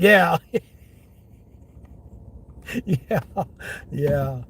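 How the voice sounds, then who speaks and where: A man's voice: high voice, moderate pace, a little mellow, slightly rough. A man who hosts a driving livestream, chatting casually and grumbling with curses about other drivers and customers from inside his car. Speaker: delivery driver and livestream host.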